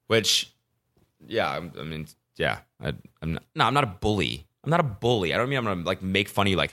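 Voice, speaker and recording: Animated, low-voiced podcast host. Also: male voice, fairly quick. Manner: profane, self-mocking, animated storytelling. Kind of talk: casual solo podcast rant.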